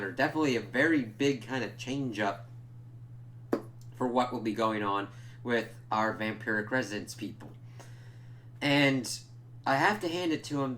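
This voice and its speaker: A man's voice: medium pitch, a bit bright. A man giving a casual, rambling spoiler review of a TV episode, with lots of filler words and swearing.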